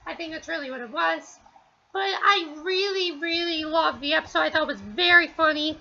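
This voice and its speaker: A woman's voice: sits high, normal speed, vocal fry, sharp tone, dull audio. A woman giving a casual, rambling spoken review at home, with many fillers and restarts. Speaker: TV episode reviewer.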